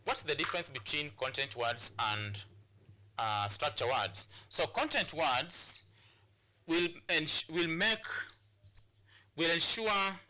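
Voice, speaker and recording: Guy from kenya teaching english, really bright voice kinda high, repeats words a lot. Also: slow pace, slight background noise. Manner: repeats words and restarts often, explains step by step. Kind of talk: classroom lesson on a television channel.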